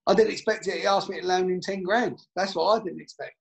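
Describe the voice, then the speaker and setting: Male ex-footballer, gravelly voice, animated, swears freely. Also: high-pitched, fast talker. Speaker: former footballer guest. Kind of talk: casual anecdote telling.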